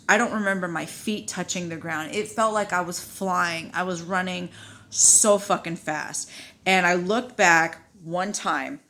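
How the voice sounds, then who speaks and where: A woman in her thirties, a vlogger telling a personal story in a casual, profane, animated way, acting out what people said. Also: medium pitch. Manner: profane, animated retelling with quoted dialogue.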